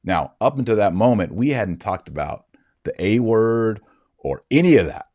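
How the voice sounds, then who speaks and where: A middle-aged man hosting a podcast, telling a story in a lively way and acting out the quoted dialogue. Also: fairly low pitch, normal speed, dry recording, studio quality. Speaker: podcast host. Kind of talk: casual commentary monologue.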